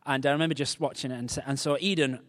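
A male pastor, preaching a sermon with animated, jokey storytelling. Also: mid-range voice, rapid-fire, long reverb tail.

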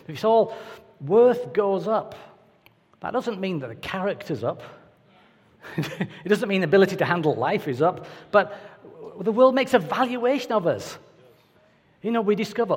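A man's voice: high voice, big pitch swings, moderate pace, husky. A man preaching a sermon in a conversational, anecdotal way with playful asides. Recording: reverberant hall.

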